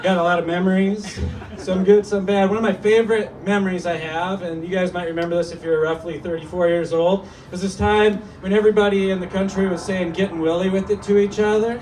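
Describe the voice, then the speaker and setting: A man in his thirties performing a stand-up comedy set in a small cafe, telling stories in a mock-serious, animated way, with laughter behind him. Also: high voice, a little fast. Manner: animated, mock-serious storytelling with put-on voices. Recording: distant mic with noisy room. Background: audience laughter.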